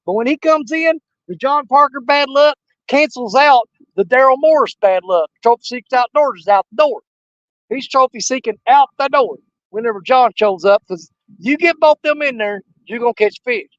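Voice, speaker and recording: High-voiced older man, dry sound. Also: normal speed, no echo, dull audio. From Missouri, United States. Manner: folksy, joking, laughs often. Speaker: fishing livestream host. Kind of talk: casual live-stream chat. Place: outdoors on a river.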